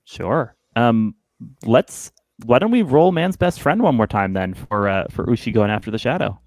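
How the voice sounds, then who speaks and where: A man narrating as game master of a tabletop game, speaking haltingly with many fillers and restarts. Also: medium pitch, animated, darkish tone, dry recording, low-quality recording.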